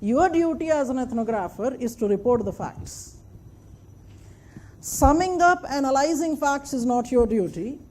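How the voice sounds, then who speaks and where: A woman's voice: high voice, lively intonation, unhurried, a little mellow, a little hiss or hum. A woman giving a classroom lecture, emphatic, repeating points and checking that her students follow. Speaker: anthropology lecturer.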